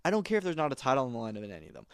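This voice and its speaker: A man's voice: mid-range voice, huge pitch swings, very fast, smooth, dry recording, studio quality. A man hosting a podcast, giving casual, opinionated combat sports commentary with emphatic repeats and plenty of fillers. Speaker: podcast host.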